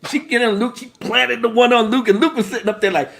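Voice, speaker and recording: A man hosting a livestream panel chat, animated and laughing, acting out movie lines as he talks. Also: very high-pitched, fast, vocal fry. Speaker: livestream host.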